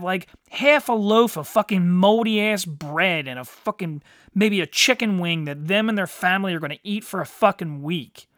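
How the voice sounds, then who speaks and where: An American podcast host delivers a blunt monologue rant, swearing heavily and tagging his lines with "you know." His voice is high-pitched, bright and forceful. The audio is studio quality with no echo.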